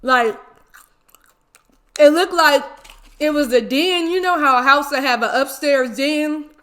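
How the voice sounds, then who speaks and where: A woman in her twenties telling a story casually while eating, animated and full of slang and exclamations. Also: sits high, unhurried. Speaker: mukbang vlogger.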